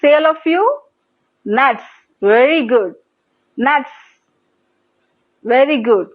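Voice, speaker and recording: A woman's voice: high voice, animated. A woman with an Indian English accent teaching young children English on TV, prompting them to repeat words and praising them often. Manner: slow, sing-song prompting with repeated praise. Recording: tinny phone-like broadcast audio.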